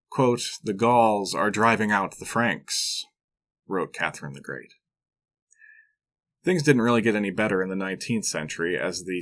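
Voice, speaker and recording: A man's voice: low-pitched, fairly bright tone. A man hosting a history podcast, narrating from a script with dry, wry asides. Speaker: podcast host.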